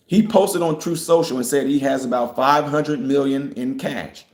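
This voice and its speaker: A man runs a casual news commentary, reading headlines aloud before breaking off to talk them over with his viewers. His pitch sits in the ordinary middle, and his talk is loose and full of restarts. The sound is roomy and echoey. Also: normal speed. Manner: talks straight to viewers, reads headlines aloud then comments; conversational with fillers and restarts, casual phrasing.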